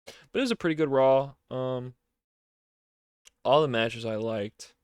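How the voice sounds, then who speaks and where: A man's voice: mid-range voice, measured pace, clean tone, dry recording, studio quality. A young man giving a casual, enthusiastic solo review of a wrestling show, often repeating words for emphasis.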